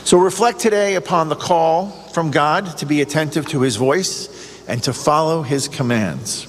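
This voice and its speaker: A man with a fairly high voice preaches earnestly on the radio and keeps putting questions to his listeners. A long reverb trails behind him, over a faint hum of ambience. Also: moderate pace. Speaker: radio show host giving a reflection. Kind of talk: radio sermon.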